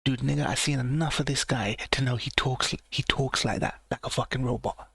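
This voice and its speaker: A man's voice: mid-range voice, steady tone, a little fast, creaky, a bit bright, slightly rough, no echo. A man hosting a live reaction stream, tossing out offhand, crude, slangy asides. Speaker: livestream reaction host. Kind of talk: casual reaction commentary.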